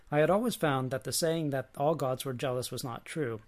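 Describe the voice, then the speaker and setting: Measured male lecturer reading aloud. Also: mid-range voice.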